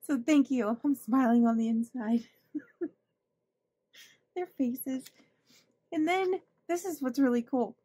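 A woman's voice: sits high, takes it slowly, long pauses, warm tone, husky, no room sound. A woman hosting a budgeting channel, chatting casually and gushing as she opens her mail, laughing often. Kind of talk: casual chat opening mail.

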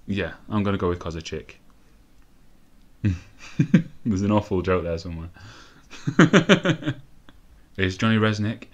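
Young male gamer host, lowish voice, loose, excitable and profane play-by-play at his desk mic. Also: measured pace, long pauses, lo-fi sound. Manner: sweary, excitable, rambling asides. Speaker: gaming let's-play host. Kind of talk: casual live game commentary.

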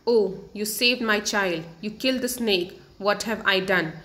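A woman's voice: medium pitch, measured pace, a bit bright, close to an everyday voice. An anxious, protective village mother from a storybook, voiced by a woman teacher reading aloud. Her lines are read out lightly voiced rather than fully acted. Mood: distraught.

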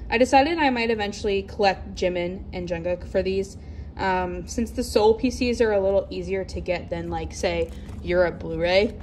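A woman talking through her photocard collection in a casual vlog, chatty and excited, a little out of breath. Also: medium pitch, slight background noise. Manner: chatty, excited, rambling with frequent restarts. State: slightly out of breath.

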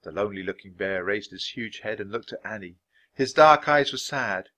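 A man reading a children's chapter book aloud at a natural pace for language learners, expressive and clear. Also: lowish voice, moderate pace. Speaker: storybook reader.

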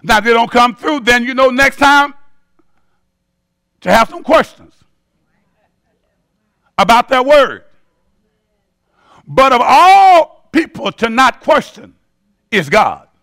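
A man's voice: very high-pitched, big pitch swings, slow, pauses often, pushed and bright. A male pastor preaching a sermon in a rhythmic call-and-response style, chanting bold declarations to the congregation.

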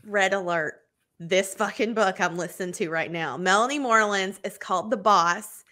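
Bright-voiced woman telling animated stories. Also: normal speed. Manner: animated storytelling, acts out quotes with big pitch jumps; many fillers like "like" and "you know". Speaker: podcast co-host. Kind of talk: casual chat.

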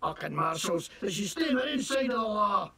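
A man's voice: high-pitched, big pitch swings, fairly quick, creaky, bright, forceful tone, recorded from a distance, exaggerated voice. An actor playing a shifty, indignant shopkeeper in a video game who fakes a Scottish accent and swears his way through questioning. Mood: defiant. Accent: put-on Scottish. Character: shifty male fake-Scottish shopkeeper, defiant and loud.

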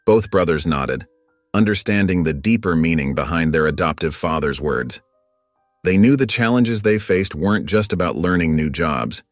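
A male storyteller with a very deep voice reads a scripted tale calmly and evenly. Faint music plays underneath. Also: normal speed, dry recording, studio quality. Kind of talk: scripted narration. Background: faint background music.

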